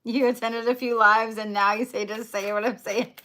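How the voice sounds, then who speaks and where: A woman's voice: a little high, little pitch movement, moderate pace, pushed and bright. A woman doing a casual livestream card reading, blunt, chatty and full of swearing as she talks to viewers.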